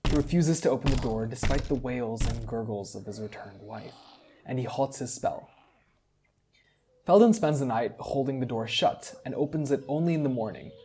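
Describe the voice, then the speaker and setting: A man calmly narrating a fantasy story in a measured reading voice. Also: medium pitch, a little hiss or hum.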